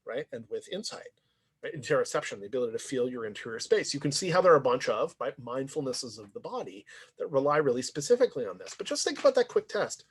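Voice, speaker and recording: Husky-voiced man giving a reflective lecture. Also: mid-range voice, big pitch swings, quick pace. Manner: conversational, reflective, frequently asks "right?". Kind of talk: university lecture.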